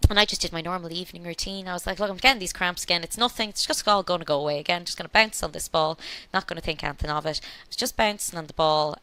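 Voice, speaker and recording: This is a woman in her thirties telling a personal story as a podcast guest. Her voice sits a little low for a woman but sounds bright and forward. She talks chattily, laughs often and acts out the quoted lines, recorded close in a dry space. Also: no room sound, low-quality recording. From Ireland. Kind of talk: storytelling in a casual interview.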